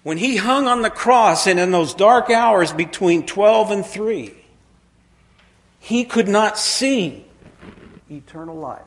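A man preaching a sermon in a folksy storytelling way, dropping low and quiet when he quotes. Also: expressive, slow pace.

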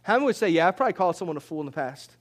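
A pastor with a high voice delivers a sermon to his congregation, very fast and very animated. He speaks loosely and conversationally, often repeating words while searching for the next one, and his pitch rises when he hammers a point home.

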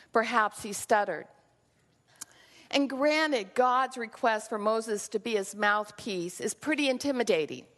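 Woman pastor, sermon delivery, earnest and reflective, slightly high voice, echoing church hall. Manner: earnest, reflective preaching with acted quotes. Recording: long reverb of a large hall.

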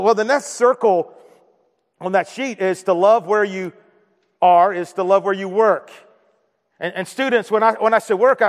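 High-voiced pastor in a reverberant hall. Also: male voice. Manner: conversational, keeps asking "right?". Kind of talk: sermon.

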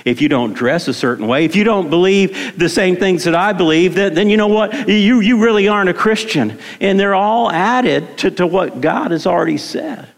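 A man's voice: sits high, expressive, normal speed, gravelly, hardly any pauses. A middle-aged man preaching a sermon in a conversational way, repeating words and asking his congregation questions. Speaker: pastor. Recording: long hall reverb.

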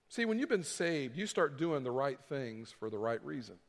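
A man's voice: mid-range voice, lively intonation, normal speed, hardly any pauses, big-room sound. A man preaching a sermon, repeating key phrases for emphasis and acting out what people would say. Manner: preaching with emphatic repetition and acted-out quotes. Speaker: pastor.

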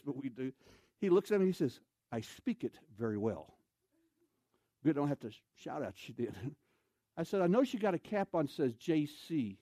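An American man, a missionary speaker, telling a humorous story in an animated, comic way and acting out scenes. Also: on the high side, no echo. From United States.

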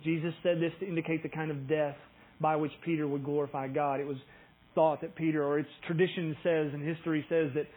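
A middle-aged man delivers a sermon in a husky voice pitched a bit above the usual for a man. He tells the story vividly and voices its dialogue with animated emphasis. A faint electric buzz hums under the recording. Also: brisk, narrow, tinny audio. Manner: animated storytelling, acting out quoted dialogue with rising intensity. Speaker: pastor.

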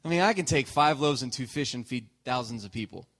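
Gentle reassuring teacher, read by a man in a sermon, unhurried. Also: medium pitch. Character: gentle patient male teacher, calm and kind.

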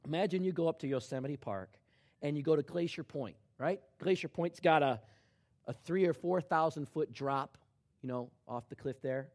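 A middle-aged man preaching a sermon, dropping to a hush and then rising to loud, emphatic shouts. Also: fairly high pitch, moderate pace. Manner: swings from hushed to shouting in acted quotes. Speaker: pastor.

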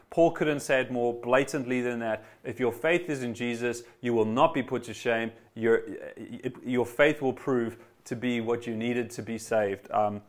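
Man, pastor mid-sermon; eager, emphatic delivery that hammers repeated phrases. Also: mid-range voice. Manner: eager, addresses congregation directly. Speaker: preacher.

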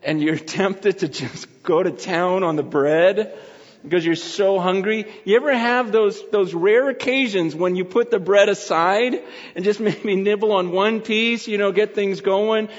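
Middle-aged male pastor, chatty preaching between bites; slightly high voice, muffled recording in a reverberant hall. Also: measured pace. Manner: chatty, laughing, talks with his mouth full. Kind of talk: casual sermon filmed at a meal. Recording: dull sound with long hall reverb.

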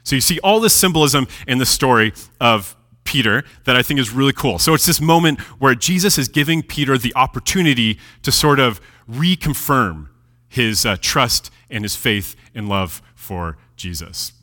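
Lively preacher in a reverberant hall. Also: male voice, mid-range voice, normal speed. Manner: lively, animated preaching with dramatic drops in volume. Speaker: pastor. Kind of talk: sermon with scripture reading.

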